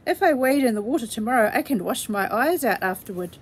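A woman's voice: animated, a little fast, slightly rough. A woman doing a big kindly grumbling giant. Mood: bossy. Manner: rumbling, grumbling. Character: huge kindly female giant, gruff.

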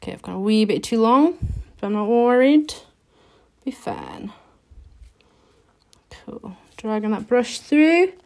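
A woman's voice: a little high, animated, moderate pace, hardly any pauses, a little mellow. Chatty woman teaching nail art. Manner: chatty, step-by-step instructions while working. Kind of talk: live-streamed nail art tutorial.

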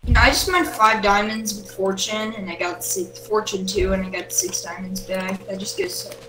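A woman chatting casually during a gaming session, cracking jokes and muttering to herself as she plays. Her voice sits at a middling pitch and carries the echo of a bare room. A constant hiss of noise lies under everything she says. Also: fairly even intonation, normal speed. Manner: joking, rambling, talks to herself while playing. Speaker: gamer. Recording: roomy with background noise.

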